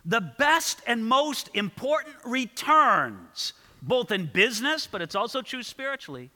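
A man preaching a verse-by-verse sermon in a high, piercing voice. He is emphatic, slows down to repeat his main points, and climbs higher when he reads scripture aloud. A long hall reverb trails behind every phrase. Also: sing-song, sharp tone. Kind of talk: expository sermon.

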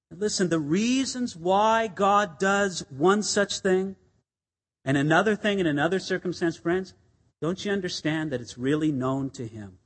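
A man's voice: high voice, measured pace. A man preaching a sermon, earnest and emphatic, asking rhetorical questions and repeating key phrases. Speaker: pastor. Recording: long hall reverb.

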